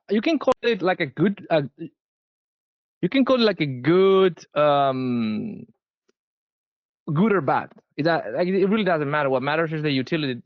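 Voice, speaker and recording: A man with a Spanish accent speaks in an emphatic, restarting way, pitched somewhat high. The sound is dry and close, with no room around him. The audio is a little dull and lo-fi. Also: dry recording. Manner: emphatic, repeats words when restarting. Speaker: sales guest. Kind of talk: casual interview.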